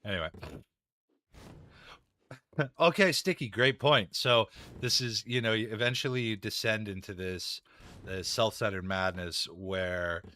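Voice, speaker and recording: Streaming a game from his home room, a young man rambles and swears in casual chat, often breaking into laughter between thoughts. He speaks unhurriedly with frequent pauses, in a lowish voice with a bright, forceful tone.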